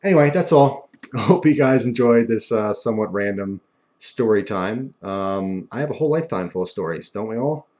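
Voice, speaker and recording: A man's voice: lowish voice, lively intonation, normal speed, darkish tone. A young man telling stories in a casual, rambling and self-mocking way, with frequent restarts. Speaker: vlogger. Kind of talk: casual storytelling.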